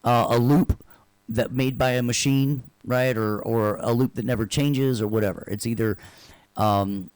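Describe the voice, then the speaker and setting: His voice is mid-range, darkish, clear and resonant, with fairly even intonation and a measured pace, captured in a dry recording. The man is an instructor leading a casual online class, joking loosely, adding sarcastic asides, and frequently checking in with "right?"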